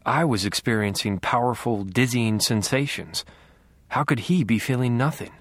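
A man narrating a first-person audiobook in a dry, wry, measured way. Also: medium pitch, dry recording.

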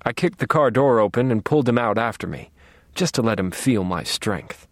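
A man narrating a first-person audiobook in a quiet, measured, menacing way. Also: fairly low pitch, animated, no echo, studio quality.

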